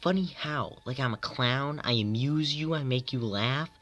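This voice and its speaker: A man's voice: medium pitch, moderate pace, a bit bright, close to an everyday voice. A man doing an impression of a prickly, dangerous gangster who fires off needling questions. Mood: menacing.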